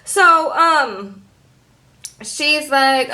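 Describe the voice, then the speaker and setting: Bright chatty young woman vlogger. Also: on the high side, unhurried. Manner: animated, peppers talk with "okay?" and "girl". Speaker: reality TV recap vlogger. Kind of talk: casual chatty recap.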